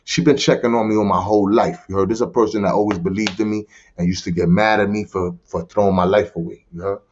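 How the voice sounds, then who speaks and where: This Bronx, New York man's voice is on the low side, steady in tone and quick in pace, with slight background noise. He's a podcast guest giving personal testimony about his life in casual conversation, in streetwise slang and often asking "you heard?" The recording is dull and lo-fi.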